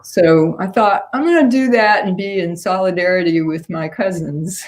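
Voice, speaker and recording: A woman's voice: fairly low pitch, moderate pace. A woman chatting on a video call in a friendly, self-deprecating way, often laughing. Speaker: guest. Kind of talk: casual video call chat.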